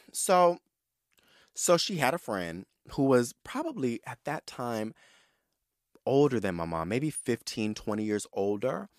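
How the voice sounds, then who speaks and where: A young adult man from San Diego hosting a podcast, telling personal stories in a casual, animated, profane and sassy way, talking straight to his listeners. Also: mid-range voice, slow pace, pauses often, dry recording, clean studio sound. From San Diego, California. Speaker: podcast host. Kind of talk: casual solo storytelling.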